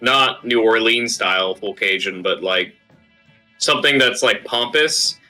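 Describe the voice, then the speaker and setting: A man running a tabletop game, talking in a rambling, easygoing way full of filler words. His voice sits a little low but has a bright, forceful edge. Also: unhurried, faint music behind, rough recording. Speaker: game master. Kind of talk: casual table talk.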